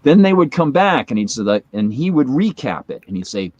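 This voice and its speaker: A man's voice: mid-range voice, sing-song, brisk, darkish tone, dry recording, highs cut off. A man in his forties, a guest in a casual chat, telling a long story full of fillers and asides. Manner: rambling anecdotal storytelling with many fillers.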